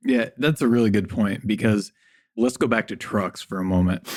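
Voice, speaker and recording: A man's voice: on the low side, normal speed, no echo, clean studio sound. A man as a podcast guest, talking bluntly and jokily and swearing casually. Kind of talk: casual interview chat.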